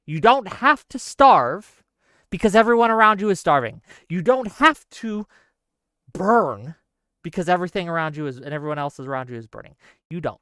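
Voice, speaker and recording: Heated, bright-voiced male streamer. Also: high-pitched, lively intonation, normal speed, clean tone, no room sound. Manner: emphatic, heated ranting with swearing; talks straight to the audience with asides. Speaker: streamer host. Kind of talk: live-stream commentary to chat.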